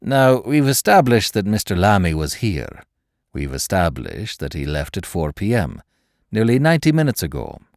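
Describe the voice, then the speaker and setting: A sadistic male interrogator speaks in a low, hushed, unhurried voice, as a narrator puts him on. He lingers on words with icy mockery. The audiobook sound is close and dry. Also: huge pitch swings, no echo, heavily acted. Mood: cold menace. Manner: cold, mocking, slow and menacing. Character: cold, sadistic male interrogator, middle-aged.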